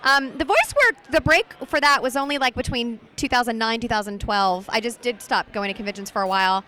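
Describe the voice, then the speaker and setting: A woman voice actress chatting in a bubbly, animated way during a convention interview. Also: fairly high pitch, brisk. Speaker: voice actress guest. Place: busy convention floor.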